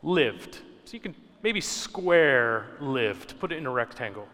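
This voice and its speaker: A man's voice: medium pitch, lively intonation, a little slow, a bit bright, in a large hall. A man preaching a conversational, teaching sermon, repeating key words for emphasis. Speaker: pastor.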